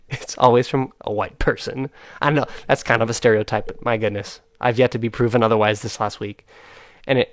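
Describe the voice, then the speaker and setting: A man's voice: medium pitch, no room sound. Young guy talking earnest and frustrated, lots of ums and restarts, dead dry mic. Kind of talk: casual chat.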